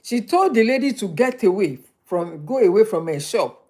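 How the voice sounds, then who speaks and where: A woman's voice: medium pitch, animated, moderate pace, dark tone, breathy edge. A woman hosting a motivational live stream, telling stories and repeating points for emphasis.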